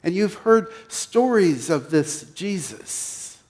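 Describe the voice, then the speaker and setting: This man's sermon carries a Pennsylvania accent and guides the congregation through a story at a slow pace, building to loudness before sinking into a whisper. He's a pastor with a high-set voice and lively intonation.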